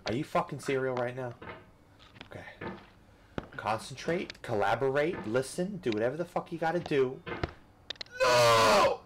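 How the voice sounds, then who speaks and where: A man giving profane, frustrated commentary over a game, ranting and cursing, swinging between yelling and muttering. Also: mid-range voice, lively intonation, normal speed, pauses often, heavy background noise. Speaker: gaming youtuber.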